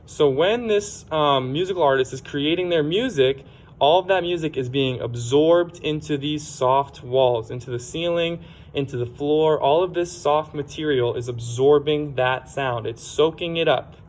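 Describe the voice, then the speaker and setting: A man's voice: a little high, normal speed, slight background noise. A man teaching a science lesson for children in a plain, explanatory way, sometimes correcting himself.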